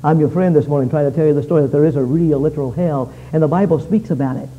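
A man preaching a fiery revival sermon, swinging between loud pleading and low, intense warnings. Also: fast talker, narrow, tinny audio.

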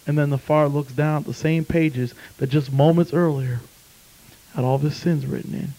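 A man's voice: a little high, steady tone, moderate pace, warm tone, rough recording. A man preaching a sermon, telling a story and then fervently urging listeners to come to faith. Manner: storytelling, then fervent pleading altar call.

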